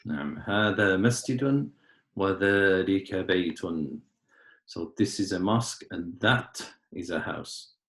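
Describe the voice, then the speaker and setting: A man with a fairly low voice leads a small class, patiently walking the students through each word. He clears his throat often between explanations. The sound carries a roomy echo. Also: animated, moderate pace, a bit bright. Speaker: Arabic teacher. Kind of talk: online class lesson.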